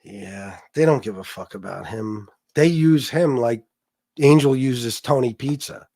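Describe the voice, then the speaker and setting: A man's voice: mid-range voice, a little slow, mellow, no room sound. A man hosting a livestream, ranting casually in a profane, boastful, taunting way. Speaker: livestream host.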